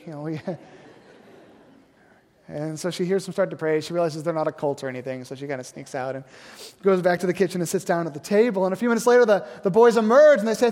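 A man delivers a sermon from the pulpit, moving between scripture reading and an animated, casual story. His voice sits high for a man. A long hall reverb trails every phrase. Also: fast. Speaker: pastor.

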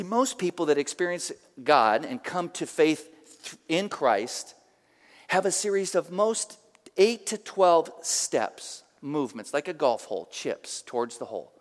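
A middle-aged male pastor delivers a sermon, weaving in animated personal stories. His voice sits notably high for a man. The sound carries the long reverb of a church sanctuary. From San Francisco area, USA. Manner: animated, emphatic storyteller.

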